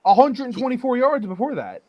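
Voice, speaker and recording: A man's voice: very high voice, very animated, moderate pace, highs cut off. A man co-hosting a podcast, joking wryly in casual sports chat. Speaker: podcast co-host.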